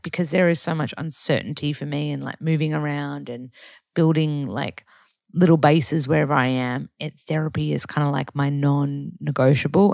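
A woman's voice: deep voice, gravelly, darkish tone, no room sound, clean studio sound. A young Australian woman, a yoga teacher, chatting through a casual diary podcast in an upbeat, rambling way with lots of fillers.

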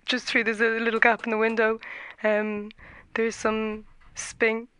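A woman's voice: a little high, completely flat delivery, measured pace, bright, forceful tone, clean tone, no room sound. A woman playing a glum, hesitant caller who keeps stalling with ums and uhs in an improvised comedy call-in. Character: glum woman caller with a sad face, bigoted. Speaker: character caller.

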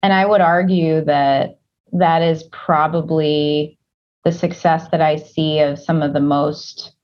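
Woman, interview guest, measured, low pitch, muffled audio. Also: steady tone, a little mellow. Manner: thoughtful, measured, with frequent fillers. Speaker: interview guest, team leader. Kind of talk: casual interview.

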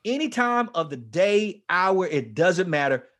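A man in his forties, a ministry leader, telling his life story with strong emotion, dropping to a hush and then rising almost to a shout. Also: sits high, very animated, measured pace. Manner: passionate, swings from hushed to near-shouting. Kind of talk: emotional testimony in an interview.

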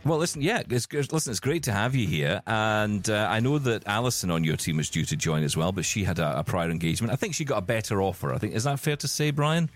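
Chatty, animated podcast host, man. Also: lowish voice, fast, hardly any pauses, soft background music. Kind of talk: casual chat.

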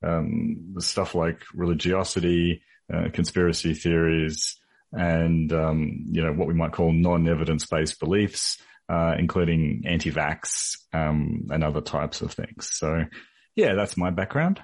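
An Australian man speaks in a very low voice. He is a psychology professor and a podcast guest, and he talks in a relaxed, easygoing way, stopping often on ums. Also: unhurried. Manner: laid-back, many ums. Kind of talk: conversational interview.

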